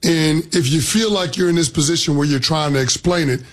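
A man's voice: fairly high pitch, brisk. A man co-hosting a sports talk show, giving blunt opinions.

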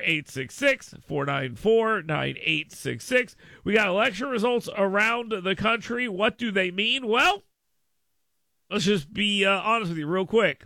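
A man's voice: sits high, creaky, pushed and bright, dry recording. A man hosting a radio talk show, speaking casually into a studio microphone in a rambling, exasperated, self-mocking way.

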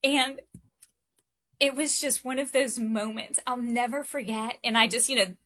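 A woman's voice: a little high, unhurried, fairly bright tone. A woman in her thirties, an interview guest, telling a personal story earnestly, with hesitations and light laughs.

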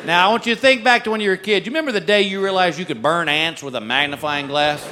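A man's voice: high voice, fast. Brief: middle-aged stand-up man, giggles through his tales, noisy live hall. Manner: self-mocking storyteller, laughing at his own jokes. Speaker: stand-up comedian. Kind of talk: stand-up comedy routine. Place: large venue with a live audience. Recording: live crowd noise, loud ambience.

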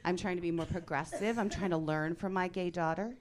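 A woman in her forties doing stand-up on a club stage, her lowish voice mostly dry and deadpan. Now and then it jumps into loud, mock-outraged bursts. A faint hiss sits under the recording. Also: brisk. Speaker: stand-up comedian. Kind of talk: stand-up comedy set. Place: comedy club stage before a live audience.

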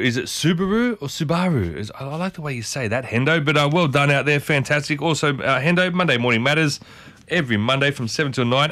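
A man's voice: on the high side, a bit bright, no room sound. A man hosting a radio show in a chatty, enthusiastic way, talking to the listeners directly. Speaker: radio host. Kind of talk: casual radio chat.

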